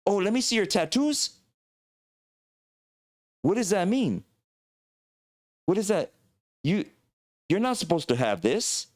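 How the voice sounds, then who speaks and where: A bewildered indigenous warrior from centuries ago, as a man puts him on, firing off one astonished question after another. His voice jumps well above an ordinary man's speaking pitch. It stays shocked and disbelieving throughout. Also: big pitch swings, a little mellow, exaggerated voice. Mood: incredulous. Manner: incredulous rapid questioning.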